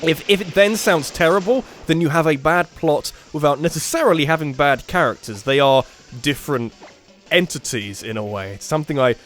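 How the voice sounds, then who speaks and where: A man's voice: fairly high pitch, animated, a little fast, a bit bright, faint music behind. A man rambling through gameplay commentary, thinking aloud and giving opinions. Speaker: let's play commentator.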